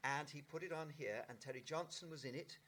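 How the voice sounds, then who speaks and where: A middle-aged actor telling anecdotes in an interview, in a lively raconteur's manner with halting restarts. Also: male voice, fairly high pitch. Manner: animated raconteur, mimics voices, halting restarts. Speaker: actor guest.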